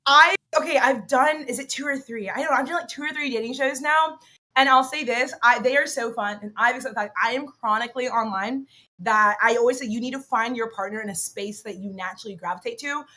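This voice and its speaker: An excitable woman co-hosts a casual podcast, bubbly and quick to jump between thoughts. Her voice is bright and a little higher than most. She talks in eager bursts. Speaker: podcast co-host.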